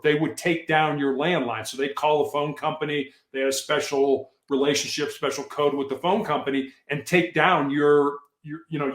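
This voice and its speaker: A man guesting on a podcast, earnestly explaining his past work as a negotiator in a casual, storytelling way with frequent restarts. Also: fairly high pitch. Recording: echoey room.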